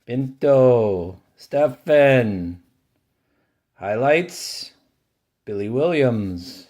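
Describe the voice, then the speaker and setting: Slow-talking man opening card packs. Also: expressive. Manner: unhurried, listing cards one by one, dry opinions; brightens and rises in pitch over favorite-team pulls. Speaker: card-collecting channel host. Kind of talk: casual pack-opening commentary.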